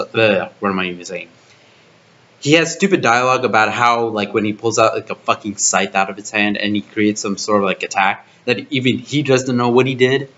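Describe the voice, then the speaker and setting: A man's voice: lowish voice, pushed and bright. A young man reviewing an anime arc in a profane, exasperated rant full of restarts. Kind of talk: ranting video review. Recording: dull lo-fi mic.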